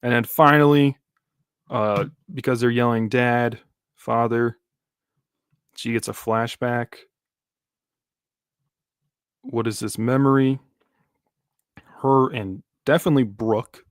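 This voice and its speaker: A man's voice: mid-range voice, a little slow, pauses often, clear, resonant tone, no room sound, studio quality. A man streaming a live reaction, rambling casually with lots of fillers and restarts. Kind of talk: live manga reaction commentary.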